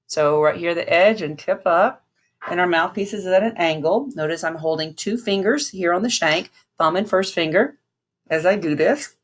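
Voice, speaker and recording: A woman's voice: lowish voice, moderate pace. A woman band teacher giving a patient lesson, counting aloud and demonstrating breaths and mouth shapes.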